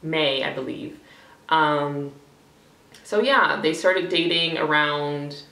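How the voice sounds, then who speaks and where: A woman's voice: sits low, very slow, pushed and bright. A young woman talking candidly to her camera in a rambling vlog, swearing freely and full of fillers. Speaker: vlogger. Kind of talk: casual talking-head vlog. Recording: echoey room, voice a bit far from the mic.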